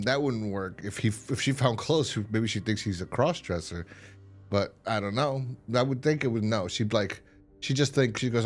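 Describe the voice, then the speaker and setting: Chatty amused man reading a comic aloud. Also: lowish voice. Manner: chatty and amused, with many fillers and restarts. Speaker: host. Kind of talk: casual reading of a comic with commentary.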